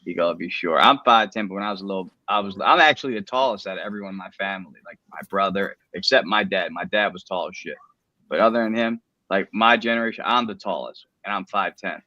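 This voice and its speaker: Man, laid-back casual chat, lowish bright voice, dull remote sound. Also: fast talker, no echo. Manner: laid-back, chatty, interjecting.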